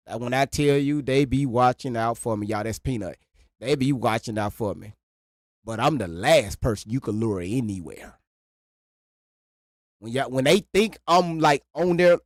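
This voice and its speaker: Here a male reaction streamer talks casually on a live stream, stammering, repeating himself, and lurching between low mutters and loud exclamations. The sound is clean studio audio without echo.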